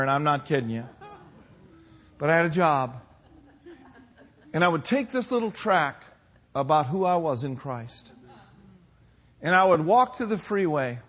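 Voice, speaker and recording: A man in his sixties preaching a sermon, telling folksy personal stories with humor and lively emphasis. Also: on the high side. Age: 60s. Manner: folksy storytelling, animated with laughs. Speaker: pastor.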